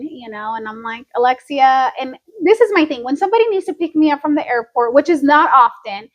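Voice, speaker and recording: A woman with a lively, high voice tells stories as a podcast co-host in casual chat. She's an animated storyteller who acts out quotes and laughs often.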